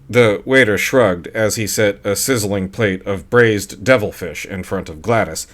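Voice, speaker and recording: A man narrating a short story in a dry, steady storytelling manner. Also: fairly low pitch, unhurried, few pauses. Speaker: audiobook narrator. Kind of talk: scripted narration.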